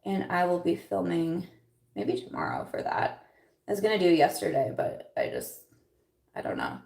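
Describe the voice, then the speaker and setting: A woman's voice: fairly low pitch, huge pitch swings, moderate pace, creaky, a little mellow, recorded from a distance. A young woman chatting casually in a livestream while doing her makeup, rambling with lots of fillers and nervous laughs. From Iowa. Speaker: beauty vlogger. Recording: roomy echo, voice a little off mic.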